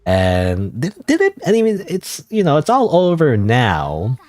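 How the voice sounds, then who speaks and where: A man's voice: mid-range voice, wildly swooping pitch, measured pace, a little mellow, dry recording. A man chatting casually on a gaming livestream, rambling and second-guessing himself with lots of fillers. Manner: rambling, self-doubting, frequent fillers and laughs. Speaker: streamer.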